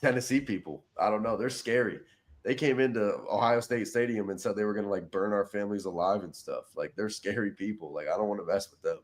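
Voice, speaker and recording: Young man, low voice, podcast co-host, rambling casual chat, keeps restarting sentences. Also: quick pace. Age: young adult.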